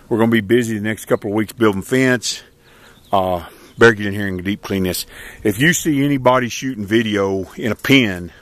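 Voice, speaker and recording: A man, casually narrating his chores outdoors in an animal pen, folksy and easygoing. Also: fairly low pitch. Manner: folksy and rural, talks to his animals between explanations, calls dogs loudly. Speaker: homesteader filming his chores. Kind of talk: casual vlog narration while working.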